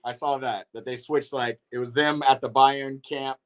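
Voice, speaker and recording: A man's voice: mid-range voice, steady tone, normal speed. A young man hosting a livestream watch party, reacting casually to the match and greeting viewers in chat. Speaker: livestream host. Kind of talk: football watch-party commentary.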